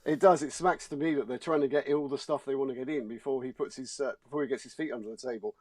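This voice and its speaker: In a studio debate, this male showbiz journalist, appearing as a guest, presses his point with indignation and emphasis, often repeating himself. He talks fast in a mid-range, darkish voice, and the recording has no echo.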